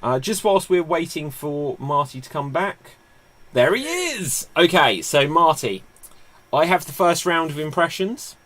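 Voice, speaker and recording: A man's voice: on the high side, lively intonation, a bit bright. A man hosting a live-streamed comedy game show in a chatty, upbeat way. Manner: chatty and upbeat, with quick asides.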